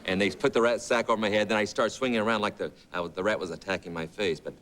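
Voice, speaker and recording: This talk show guest, a fifty-something actor, rambles through casual anecdotes full of quoted dialogue in a TV studio. His lowish voice has a fairly bright tone and fairly even intonation, and his pace is quick. Slight background noise is present.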